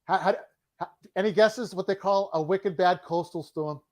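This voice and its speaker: A man with a Boston accent and a high-pitched voice hosts a live online chat over a video call. He is upbeat and repeats his key words as he quizzes his guest. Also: normal speed, a little mellow. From Boston, USA. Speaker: host.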